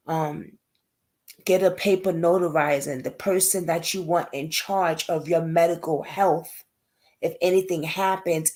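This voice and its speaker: On her casual livestream, the host rambles emotionally and welcomes viewers by name, her voice on the low side with a darkish tone.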